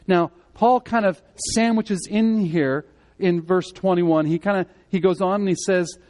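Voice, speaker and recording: A man giving a sermon as pastor, speaking conversationally and swinging between loud emphatic moments and quiet earnest ones. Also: high voice, unhurried. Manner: conversational preaching, rising and falling in emphasis.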